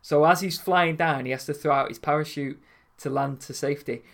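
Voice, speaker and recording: Animated man telling stories. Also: fairly high pitch, fairly quick, vocal fry. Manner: animated storytelling, laughs often. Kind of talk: casual chat.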